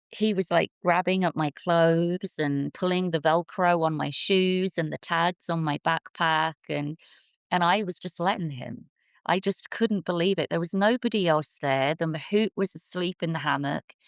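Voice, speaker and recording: A woman's voice: on the low side, unhurried, clear, resonant tone, no room sound. A woman in her forties, originally from England, telling the story of how her sanctuary began in an earnest, vivid way. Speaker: sanctuary founder, guest. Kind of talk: storytelling in an interview.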